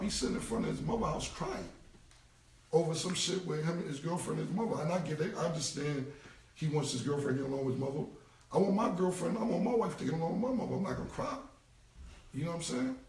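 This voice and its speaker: A man, ranting on a casual live stream. His speech is blunt and repetitive, with a gravelly, slightly high voice. He sits a little off the mic in a roomy space. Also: a little mellow, recorded from a distance. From United States. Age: 40s. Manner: blunt, repetitive street talk. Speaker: rapper. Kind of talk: casual Instagram live rant.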